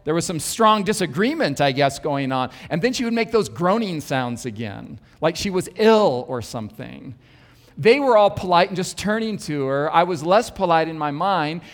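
A male preacher tells a story from the pulpit in an earnest, self-deprecating way, with a wry touch. His voice is on the higher side and trails off into a long reverb, as if spoken in a large hall. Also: animated, moderate pace. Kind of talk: sermon storytelling.

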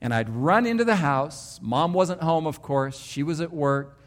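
A man's voice: fairly high pitch, lively intonation, unhurried. A man, a pastor, preaching a sermon and telling his own story with emphatic, varied delivery.

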